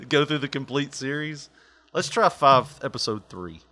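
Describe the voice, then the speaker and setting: Male host, bright, animated, quick to laugh, dry close sound. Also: on the high side, no echo. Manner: laughs often, joking. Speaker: podcast host. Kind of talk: casual chat.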